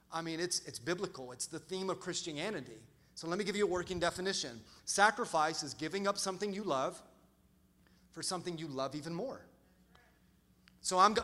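A middle-aged man preaching a sermon as pastor, telling lively stories and acting out quotes with big swings in loudness. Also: high-pitched, long reverb tail.

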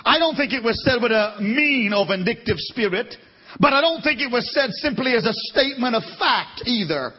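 A man preaching a sermon dramatically, rising to loud emphatic peaks and dropping to soft asides, often repeating and correcting himself. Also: very high-pitched, expressive, normal speed, husky. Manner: repeats words and corrects himself mid-sentence. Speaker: pastor. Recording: dull lo-fi recording.

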